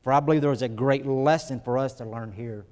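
In a hall with long reverb, a pastor preaches earnestly, his darkish mid-range voice moving a little fast. His voice lifts for emphasis and rises when he acts out quotes.

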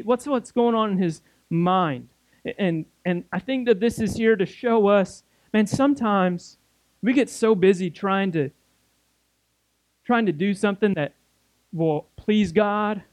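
High-voiced playful young preacher. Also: male voice, no room sound. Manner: animated, acts out scenes in playful voices. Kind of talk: casual sermon to youth group.

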